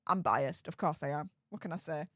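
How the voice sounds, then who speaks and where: This livestream host has a low voice with a slightly bright edge and talks briskly. Her casual stream is full of chatter, viewer comments read aloud, frequent laughter and repetition, all in clean studio sound without echo.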